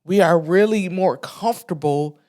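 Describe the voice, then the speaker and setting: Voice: mid-range voice, normal speed, darkish tone. A podcast host sharing a heartfelt, unscripted monologue into a microphone. The talk is candid and emotional, colloquial, with frequent restarts and asides to listeners. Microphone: studio microphone.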